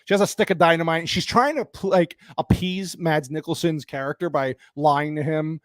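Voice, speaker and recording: A man's voice: on the high side, fairly even intonation, normal speed, dry recording, clean studio sound. A man giving a profane, exasperated movie review in a ranting style.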